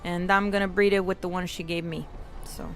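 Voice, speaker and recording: A woman's voice: on the low side, fairly even intonation, fairly quick, soft background music. A woman streaming a survival game, chatting with a teammate and her viewers, laughing often and trailing off mid-thought. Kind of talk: casual gaming stream chat.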